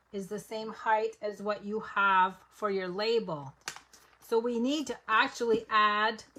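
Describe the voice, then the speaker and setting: A woman's voice: medium pitch, sharp tone. A woman giving a live papercraft demonstration, chatting to viewers step by step as she works. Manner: chatty, step-by-step, talks to viewers while working. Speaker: papercraft instructor.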